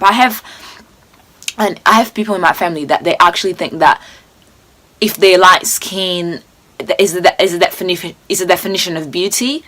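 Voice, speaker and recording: A woman's voice: on the low side, a bit bright. A woman in her twenties giving casual reaction commentary, indignant and rambling, with many restarts. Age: 20s. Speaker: reaction video host.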